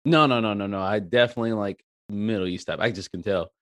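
A man telling a story as a podcast co-host, animated and rambling with lots of fillers and swearing. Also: fairly low pitch, fast, dry recording. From Eritrea. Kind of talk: casual storytelling chat.

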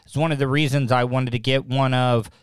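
In a home studio lit by lamps, a male podcast host chats casually on a live stream through a desk mic and mixing board. His mid-range voice is smooth, fairly quick and flat in delivery, with no echo, as he rambles self-deprecatingly and repeats himself often.

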